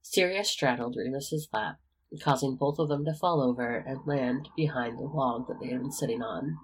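A reader narrating a romantic fan fiction story in a steady, even manner. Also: medium pitch, moderate pace, slightly rough, rough recording. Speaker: audiobook reader. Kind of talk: reading fan fiction aloud.

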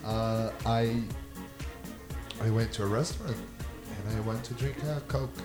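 A Brazilian man, a teacher whose first language is Portuguese, speaks English with a Brazilian Portuguese accent, pausing often as he searches for words in casual chat. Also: lowish voice, over music.

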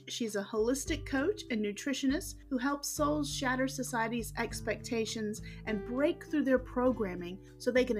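A woman with a Southern US accent hosting a podcast interview in a folksy, chatty way. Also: fairly high pitch. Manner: folksy, chatty, uses y'all. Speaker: podcast host.

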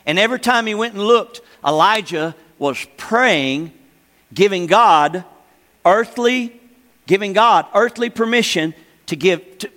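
Long hall reverb surrounds the high, somewhat bright voice of an older man, a pastor delivering a sermon meant to teach. He is emphatic and repetitive with his phrases, frequently calling for an amen from the congregation.

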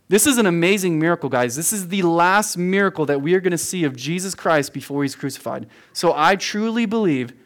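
Youth pastor guy preaching, kinda high voice, really earnest, keeps repeating stuff for emphasis. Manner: earnest and emphatic, repeats phrases for stress, addresses listeners as "guys". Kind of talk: verse-by-verse sermon to a youth group. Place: room with a youth audience.

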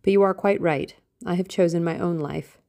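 A woman's voice: lowish voice, moderate pace, mellow, close to an everyday voice. A woman voicing a blunt, brooding young sailor. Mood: earnest. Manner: curt, earnest.

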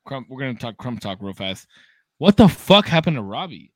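A man co-hosting a casual podcast, excitable and teasing, swearing freely. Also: medium pitch, moderate pace, dry recording. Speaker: podcast co-host. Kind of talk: casual chat.

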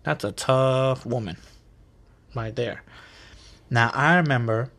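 A man's voice: mid-range voice, slow, gravelly, a bit bright. Thirties New Yorker host, chatty and profane, casual storytelling with a New York accent, man. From New York City, USA. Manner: chatty, profane, bro slang. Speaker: podcast host.

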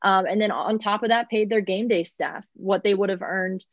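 A woman's voice: mid-range voice, steady tone, normal speed, no echo. Young woman sportscaster chatting, lots of ums, dry and kinda muffled audio. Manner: chatty, many fillers, laughs often. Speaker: minor league baseball broadcaster. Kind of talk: casual interview answers.

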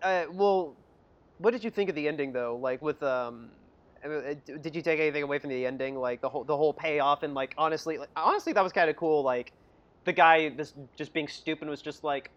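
Casting: chatty, giggly film podcaster who acts out scenes, mid-pitched voice. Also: brisk, muffled recording. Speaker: movie review podcast co-host. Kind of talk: casual chat.

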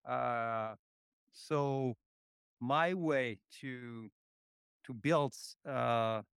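A man in his forties with a French accent, a podcast guest who answers slowly and haltingly with many fillers. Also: medium pitch, vocal fry, fairly bright tone, clean tone, dry recording, clean studio sound. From France. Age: 40s. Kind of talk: podcast interview.

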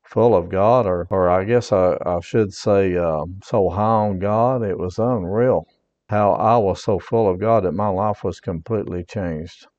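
A man's voice: low voice, measured pace, a little mellow, long reverb tail, highs cut off. A man who is a pastor giving an earnest personal testimony sermon, repeating his points and reading scripture aloud.

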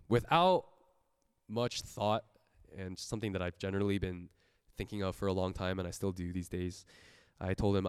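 A young man shares a personal testimony in sermon style, speaking earnestly and often laughing between his points. His voice sits low and comes through smooth and resonant, close and dry with no room echo. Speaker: church speaker giving a testimony.

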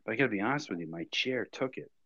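A man with a deep, husky voice tells a story on a podcast with dry, deadpan delivery. The sound is dull and lo-fi, close and dry. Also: rapid-fire, dry recording. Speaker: podcast co-host. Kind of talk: casual chat, storytelling.

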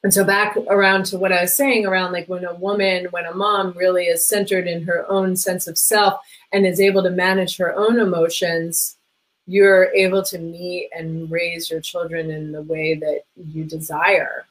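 A woman's voice: fairly low pitch, little pitch movement, moderate pace, poor audio. Chatty middle-aged woman full of "like". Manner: chatty, many "like" fillers, acts out quoted voices. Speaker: podcast guest, parenting coach. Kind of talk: casual conversation.

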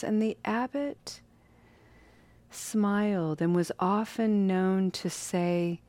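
A woman telling a story in a casual, lively, playful way with drawn-out phrasing. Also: mid-range voice, no room sound.

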